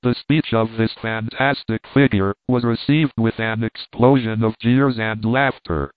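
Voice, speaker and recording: A man narrating a classic novel in a steady, measured reading. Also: on the low side, clear, resonant tone, no room sound. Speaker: audiobook narrator. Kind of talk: storybook narration. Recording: dry tinny phone-like sound.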